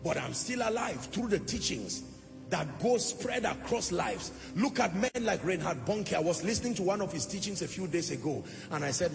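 A man's voice: high-pitched, animated, moderate pace, creaky, faint music behind. A man preaching a sermon, impassioned, often swelling into sung, chanting phrases. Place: church hall. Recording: long church hall reverb.

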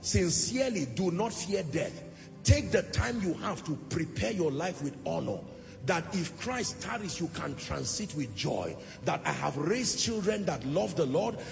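A man's voice: fairly high pitch, lively intonation, unhurried, creaky, music in the background. A man preaching a sermon, impassioned, often swelling into sung, chanting phrases. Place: church hall. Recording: long church hall reverb.

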